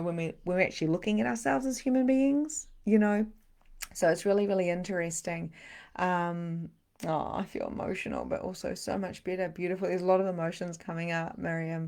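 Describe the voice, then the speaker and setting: A middle-aged woman leads a live guided meditation, her voice soft and soothing with breathy sighs. Her pitch sits a little low for a woman, and she moves easily between gentle instruction and relaxed chat with viewers. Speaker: spiritual coach leading a live session.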